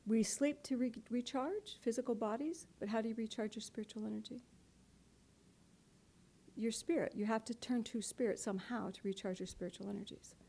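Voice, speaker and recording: A woman's voice: a little high, brisk, gravelly, dark tone. A middle-aged woman, a spiritual teacher, giving a playful, conversational talk to a live audience and laughing often.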